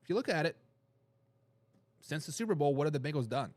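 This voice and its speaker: Male sports talk host, high and very animated pitch, emphatic and repetitive, dry close sound. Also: brisk, no echo. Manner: emphatic, repeats his points; laughs between remarks. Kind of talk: casual sports commentary, reading viewer comments.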